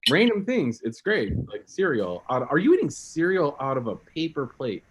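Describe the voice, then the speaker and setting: A man's voice: fairly high pitch, huge pitch swings, normal speed, background noise. A man hosting a casual group chat on a livestream, laughing often and restarting sentences as he tells stories. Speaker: podcast host.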